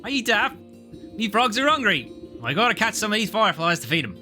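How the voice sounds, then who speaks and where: A man's voice: high voice, very animated, moderate pace, pushed and bright, faint music behind, pitched above the performer's own voice, heavily acted. A man putting on a brash rustic scamp. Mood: mocking. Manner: rustic slangy swagger, wheedling and brash. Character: scruffy cocky young frog-keeping boy.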